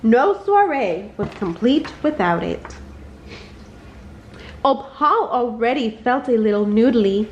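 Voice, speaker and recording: Lively, high-voiced woman reading a bedtime story. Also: echoey room, highs cut off, slight background noise. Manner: expressive, jumps high for characters' lines. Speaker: storybook reader. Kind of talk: bedtime read-aloud.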